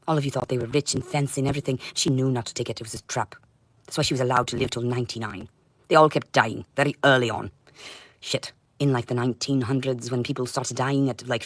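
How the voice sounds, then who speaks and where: Alternating between loud outbursts and low mutters, a woman gives an intense, confrontational livestream monologue that rambles on. There's no echo in the recording.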